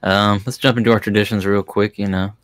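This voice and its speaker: Low, flat-voiced laid-back man. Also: brisk, dry recording, clean studio sound. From Florida. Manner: laid-back, slangy, says "freaking" a lot. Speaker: podcast host. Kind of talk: casual chat.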